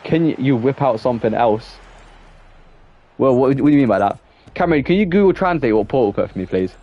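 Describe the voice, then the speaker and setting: English lad streaming a footy game, chatty and rambly, lots of likes and ums, kinda dull lo-fi mic. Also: male voice, medium pitch, animated, a little fast, dry recording. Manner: rambling, filler-heavy, reacting to the match. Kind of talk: casual live-stream chat while playing. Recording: dull, muffled sound.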